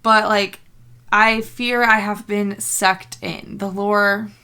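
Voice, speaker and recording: A young woman book vlogger speaks slowly at a medium pitch that barely moves, her tone sharp, clear and resonant. Even so, her casual reading-reaction vlog is bubbly and rambling, packed with fillers and laughter.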